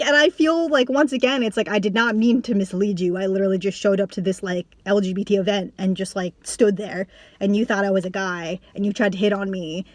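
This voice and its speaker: A woman's voice: medium pitch, no echo. Rambling young woman vlogger, dry sound. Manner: rambling, full of "like" and restarts, swearing; animated with bursts of laughter. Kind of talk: casual storytelling to camera.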